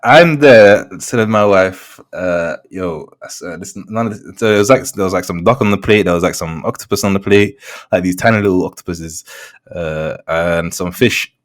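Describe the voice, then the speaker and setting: A man's voice: low voice, moderate pace. A young man, co-hosting a podcast in casual chat, telling stories animatedly with frequent laughs and restarts. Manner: animated storyteller, laughs often, many restarts. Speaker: podcast co-host.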